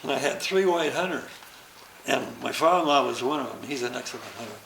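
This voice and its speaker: An older man, a stuntman, telling an animated story about a past job and acting out the action. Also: medium pitch, fast, creaky, slight background noise. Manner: animated, acts out the action with sounds and laughter. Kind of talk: anecdotal storytelling. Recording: roomy recording.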